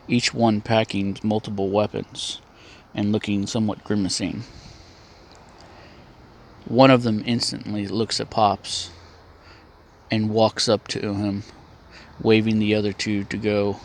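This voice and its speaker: A man telling a story in a casual, plainspoken, unhurried way, with a few restarts. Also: on the low side, slight background noise.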